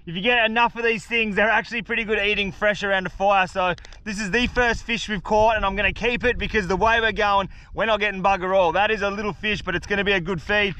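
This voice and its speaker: A young Australian man vlogging a solo survival trip outdoors, excitable and slangy, talking straight to camera. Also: high-pitched, fast, few pauses, smooth. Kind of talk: casual outdoor vlog. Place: outdoors on a beach in the bush.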